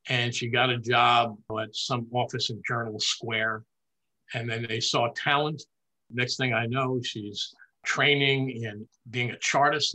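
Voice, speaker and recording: An older man in an interview, recounting family memories in a lively storytelling way and laughing at his own anecdotes. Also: mid-range voice. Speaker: interview guest. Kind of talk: reminiscing in a conversational interview.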